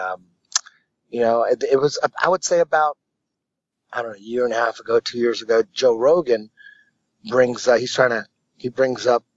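A man's voice: medium pitch, no room sound. Brief: casual male podcast guest, rambling storyteller, dull dry recording. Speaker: martial arts instructor, podcast guest.

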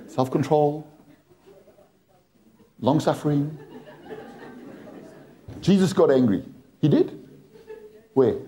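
A man's voice: on the high side, lively intonation, slow, long pauses, mellow. A man from England preaching a sermon, storytelling with humor to a church. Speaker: pastor.

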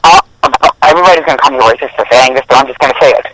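A man's voice: medium pitch, very fast, a bit bright, a little hiss or hum, rough recording. A young man co-hosting a podcast, rambling and opinionated in casual chat. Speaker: podcast co-host.

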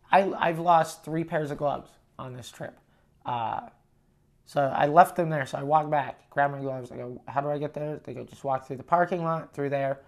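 A man's voice: fairly high pitch, vocal fry. Profane man telling a road story. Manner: profane, animated retelling with quoted dialogue. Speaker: touring comedian and podcast host. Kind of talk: casual storytelling monologue.

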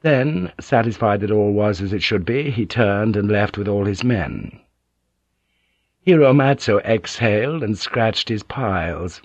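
A man narrating an unabridged audiobook with even, deliberate reading. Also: lowish voice, no echo. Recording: dull, dry audiobook tape.

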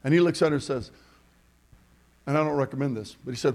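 A middle-aged man preaching a sermon in a church, mixing jokey conversational asides with shouted, rising calls to the congregation. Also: mid-range voice, fast talker, crowd noise. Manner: preaching with call-and-response, building to shouts. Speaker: pastor. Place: church sanctuary.

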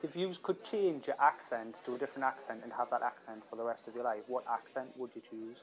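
A man's voice: medium pitch, fast, poor audio. A man from the UK co-hosting a podcast, chatty and casual, asking the others questions and telling little stories. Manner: chatty, asks questions, storytelling. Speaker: podcast co-host. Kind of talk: casual chat.

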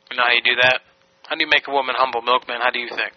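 A man's voice: medium pitch, fairly even intonation, very fast. A man making a prank phone call, taunting and putting on anger. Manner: mock-angry, taunting. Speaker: prank caller. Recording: dull lo-fi.

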